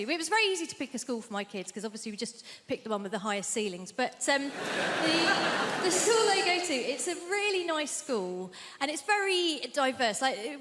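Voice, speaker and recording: Bright-voiced woman comic. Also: high-pitched. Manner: chatty, dry punchlines. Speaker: stand-up comedian. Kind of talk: stand-up routine. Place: large theatre stage with live audience. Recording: theatre hall reverb with crowd.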